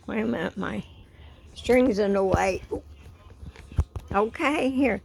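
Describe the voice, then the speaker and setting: Husky woman cooing to her pets. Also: mid-range voice, slow, long pauses, a little mellow. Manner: cooing baby talk to pets. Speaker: pet owner filming her cats. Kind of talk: casual pet talk. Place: at home indoors.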